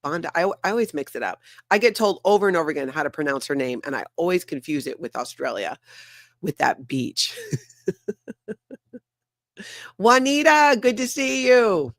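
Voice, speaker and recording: A woman's voice: low-pitched, animated, fast talker, no echo, studio quality. A woman hosting a casual livestream, chatting and reading out viewer comments. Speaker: host.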